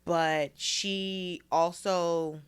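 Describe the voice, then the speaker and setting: A woman's voice: lowish voice, drawn-out words, clear, resonant tone. A woman comedian telling school stories in a casual podcast chat, acting out quotes and swearing freely. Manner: animated storyteller, acts out quotes, swears. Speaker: guest comedian.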